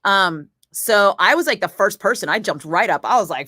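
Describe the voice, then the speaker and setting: A woman radio DJ chatting casually with viewers, telling a story in a lively, swearing style and acting out the other people's lines. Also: mid-range voice, a little fast, no echo, clean studio sound. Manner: chatty storyteller, swears freely, acts out voices. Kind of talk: casual chat.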